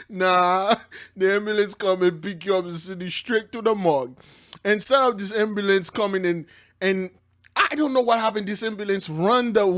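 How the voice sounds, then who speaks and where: A man giving casual commentary on a news clip, laughing often, saying "man" a lot, and dropping to quiet low asides. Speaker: online preacher reacting to news.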